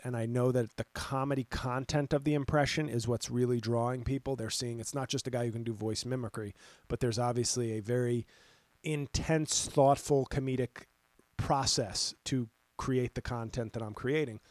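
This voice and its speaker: A man's voice: mid-range voice, normal speed, no echo. A man, a comedian hosting his own podcast, ranting in a casual monologue with sarcasm and plenty of swearing. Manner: animated, ranting, swears freely; sarcastic, talks back to critics.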